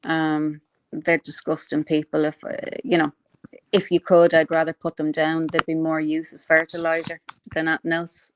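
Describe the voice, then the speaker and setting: A woman hosts a casual livestream, answering viewer comments bluntly and thinking aloud in a rambling, opinionated way. Her low voice is monotone at a moderate pace, with a little hiss or hum.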